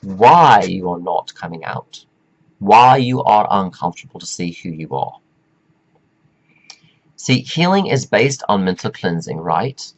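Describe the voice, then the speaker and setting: A man with a lowish voice delivers a rambling spiritual pep talk straight to his viewers. He drags out key phrases for weight and wanders off on tangents. The sound is dull and lo-fi. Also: expressive. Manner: meandering and preachy, drawn-out emphatic phrases. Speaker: self-help speaker.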